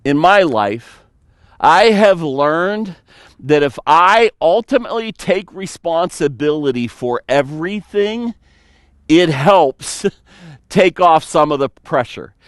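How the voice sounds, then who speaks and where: A man preaching a sermon as pastor, animated, telling stories and slipping into playful mock voices. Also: fairly high pitch, takes it slowly, dry recording, clean studio sound.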